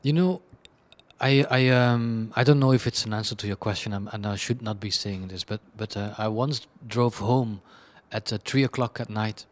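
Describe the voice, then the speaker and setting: A man's voice: fairly low pitch, moderate pace. Blunt, rambling man in an interview. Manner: chaotic, rambling, frequent restarts and laughs; blunt and self-deprecating. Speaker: creative director being interviewed. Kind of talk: candid conversational interview answers.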